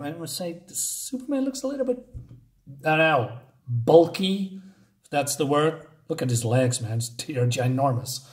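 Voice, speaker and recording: A man casually recapping a comic issue, halting often with fillers and unsure asides. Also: on the high side, lively intonation. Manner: hesitant, many fillers and restarts, unsure asides. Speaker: comic book reviewer.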